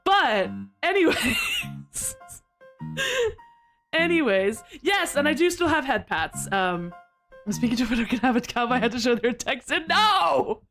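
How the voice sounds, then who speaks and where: A woman's voice: on the high side, wildly swooping pitch, unhurried, long pauses, a bit bright, faint music behind. A woman streamer chatting with her viewers live, bubbly and giggly, laughing often.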